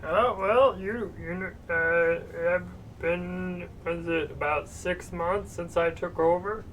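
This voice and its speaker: A nasal, drawling gnome shopkeeper. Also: male voice, high-pitched, voice pushed up. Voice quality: strained nasal throat voice. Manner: slow, drawling, hesitant. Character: gnome shopkeeper named Deborah, slow and gravelly-nasal. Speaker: game master. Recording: distant mic with background noise.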